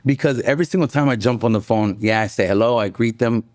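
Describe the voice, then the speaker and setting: A man's voice: mid-range voice, quick pace, dry recording, clean studio sound. A young man, a company president, chatting casually as an interview guest, upbeat and jokey. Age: young adult.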